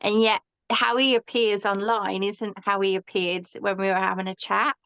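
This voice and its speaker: A woman hosting a podcast, talking in a casual, frank and animated way and acting out the voices she quotes. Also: medium pitch, moderate pace, clean tone, no room sound. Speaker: podcast host. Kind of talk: casual conversational chat. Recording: dull, dry recording.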